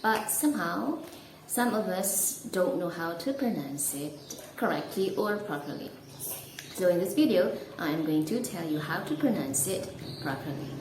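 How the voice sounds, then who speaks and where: A woman's voice: on the low side, expressive, normal speed, darkish tone, reverberant, a little hiss or hum, low-quality recording. A woman from Indonesia with an Indonesian accent, teaching English pronunciation in a casual way and spelling words out carefully.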